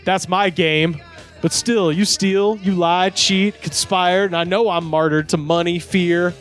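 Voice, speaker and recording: Higher voiced guy reading out comments on a podcast, keeps laughing, bit of music behind. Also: fairly even intonation, a little slow, a bit bright. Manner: laughs between lines, reads in quotes. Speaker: podcast host. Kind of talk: reading comments aloud in comedy chat.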